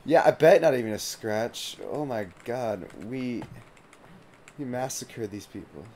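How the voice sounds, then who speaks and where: Mellow-voiced casual male game streamer. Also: medium pitch, expressive, unhurried, a little hiss or hum. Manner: loose and chatty, swears freely, leans on "like". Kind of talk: casual live gameplay commentary.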